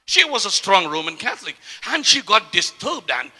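A man preaching a sermon with passion, often repeating words and swinging from quiet to loud. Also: high voice, big pitch swings, moderate pace. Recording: long hall reverb.

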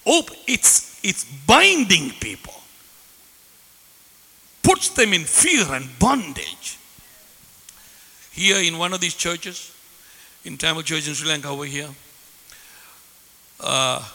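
Fiery male pastor mid-sermon, bright, piercing tone with a gravelly edge, echoing in a hall. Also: fairly high pitch, measured pace. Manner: impassioned, fervent, bursts into shouting.

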